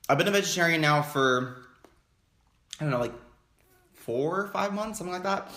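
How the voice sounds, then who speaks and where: A man's voice: a little high, lively intonation, normal speed, pauses often, sharp tone, echoey room. A young man chatting casually while eating on camera, rambling and laughing easily. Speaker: vlogger. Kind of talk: casual mukbang chat. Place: home basement.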